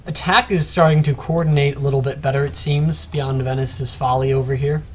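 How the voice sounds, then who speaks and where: A man's voice: mid-range voice, steady tone, fairly quick, slight background noise. A man giving casual commentary on a strategy game replay, rambling and self-mocking with chatty asides, still a bit sick. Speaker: gameplay commentator.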